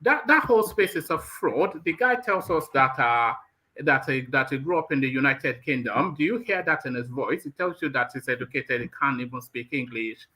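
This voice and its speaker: A man's voice: mid-range voice, lively intonation, moderate pace, bright, forceful tone. A man hosting a live talk stream, blunt and combative, stammering when worked up. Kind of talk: heated live discussion.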